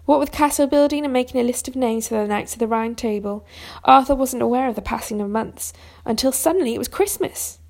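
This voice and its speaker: A woman narrates a children's storybook in a steady, even voice, slightly high with a gravelly fry. She reads briskly with hardly any pauses, occasionally stumbling and restarting a word.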